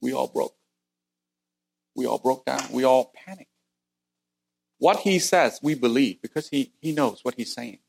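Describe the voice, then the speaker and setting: A middle-aged man from Vietnam preaching a sermon and telling his own story earnestly, his voice climbing high at the tense moments. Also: unhurried, vocal fry, long pauses, slightly rough. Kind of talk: sermon with personal testimony.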